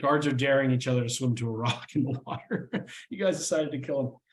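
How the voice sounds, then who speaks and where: A young man narrating as game master, halting with many fillers and restarts. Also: medium pitch.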